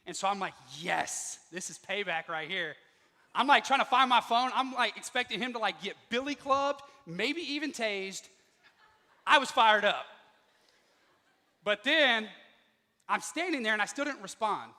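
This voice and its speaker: A man giving a motivational speech to students, telling a personal story with lively delivery and acting out the dialogue. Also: extremely high pitch, moderate pace, pauses often, long reverb tail. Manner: animated, acts out quoted dialogue. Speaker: motivational speaker. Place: school auditorium.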